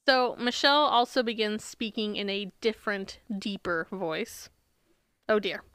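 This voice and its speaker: A young woman co-hosts a casual podcast, retelling a book in a chatty way full of fillers and frequent laughter. Her medium-pitched voice is a little slow, a bit bright, clear and resonant, captured in clean studio sound with no echo.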